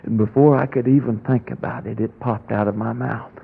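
A man's voice: medium pitch, fairly even intonation, a little fast, gravelly, husky. A male preacher telling a personal story in a sermon, dramatic and drawn out, with sudden rises in his voice. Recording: tinny phone-like radio broadcast.

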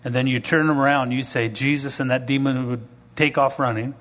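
A man's voice: medium pitch, fairly quick. A man preacher delivering a sermon, telling stories and acting out the people in them, building to emphatic, rising passages. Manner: animated, rising to emphatic preaching with acted-out quotes. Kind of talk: sermon with storytelling.

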